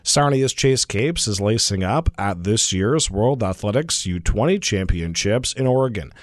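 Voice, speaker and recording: A man reading a scripted radio sports update in a brisk, even way. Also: on the low side, no echo, clean studio sound. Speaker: sports reporter.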